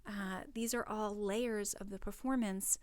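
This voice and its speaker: A woman's voice: medium pitch, steady tone, unhurried, darkish tone, no room sound. A woman acting coach giving spoken tips for a workshop in an encouraging, conversational way, with fillers.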